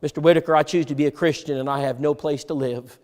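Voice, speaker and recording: A man preaches a sermon as a personal story. His voice sits a little high, and he acts out the dialogue with sharp swings between loud and soft. The sound carries a long hall reverb. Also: fairly even intonation, fast talker. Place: church sanctuary.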